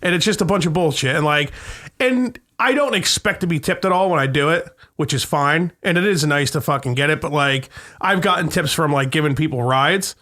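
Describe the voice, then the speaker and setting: A man on a casual podcast, telling a long, profane, rambling story and mimicking other people in a higher voice. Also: fairly quick, sharp tone. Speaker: podcast co-host. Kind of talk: casual chat.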